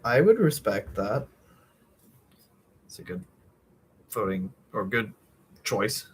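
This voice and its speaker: His lowish voice swings widely in pitch, moving slowly with a slightly rough edge. At night from home, the young streamer draws a comic and rambles on casually, heavy on fillers and swearing.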